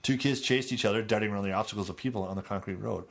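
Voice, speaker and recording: A man hosting a podcast, reading aloud from a book in a relaxed, chatty way. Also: lowish voice, racing, gravelly. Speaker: podcast host.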